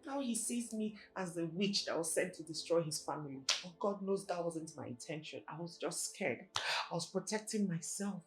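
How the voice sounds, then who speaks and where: An actress with a Nigerian accent playing an anxious, guilt-ridden wife in a Nollywood film, pleading and distraught, with music behind. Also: female voice, on the low side, animated, normal speed, hardly any pauses, close to an everyday voice. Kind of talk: Nollywood screen acting. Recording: film soundtrack with loud music.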